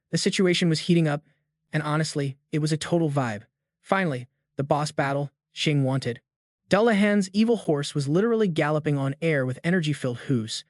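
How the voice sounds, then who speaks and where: A man narrates a comic recap with a slightly raised pitch and a slangy, hyped-up delivery. The sound is dry and close, with no room around it. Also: expressive, fairly quick, no room sound. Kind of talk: scripted narration.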